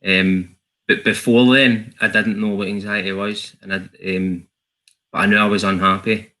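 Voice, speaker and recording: Scottish male guest, candid and wry, low bright voice. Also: flat delivery, moderate pace, low-quality recording. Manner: joking, self-mocking about his accent. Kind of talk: candid personal story.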